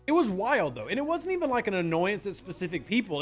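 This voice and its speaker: A man's voice: high-pitched, sing-song, fast talker, few pauses, soft background music. A man streaming a game live, chatting casually and answering his viewers' messages. He is from the United States.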